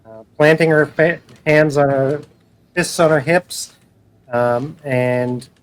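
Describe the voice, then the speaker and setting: Guy player describing his character, slow and halting. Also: fairly high pitch, steady tone. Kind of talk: casual tabletop play.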